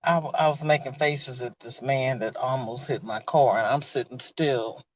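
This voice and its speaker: Broadcasting live from inside her car, a woman with a bass voice and steady tone talks at a normal speed, laughing, reading comments, and greeting viewers by name. There's no room sound, and the recording is dull and lo-fi.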